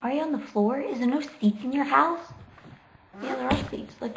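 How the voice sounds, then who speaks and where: Woman, slightly high voice, giggly late-night laptop livestream, answering viewer chat from home. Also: animated, moderate pace, background noise. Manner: chatty and giggly, reads questions aloud before answering. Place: at home, sitting on the floor. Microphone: laptop microphone.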